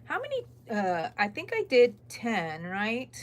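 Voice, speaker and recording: A woman's voice: on the high side, wildly swooping pitch, slow pace, slight background noise. A woman from Texas with a Texan accent, chatting casually and rambling as she reads viewer comments while crocheting on a live stream. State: tired, yawning. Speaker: crochet channel host.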